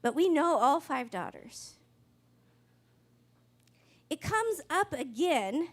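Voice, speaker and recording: A woman with a high voice delivers a sermon. She tells the story casually and wryly, like she is chatting with the congregation. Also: very animated, takes it slowly. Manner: conversational, wry storytelling preacher. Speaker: pastor.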